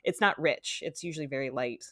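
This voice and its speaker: A woman's voice: extremely low pitch, brisk, a bit bright, no room sound, clean studio sound. A woman co-hosting a podcast in casual chat, chatty, asking questions and laughing often.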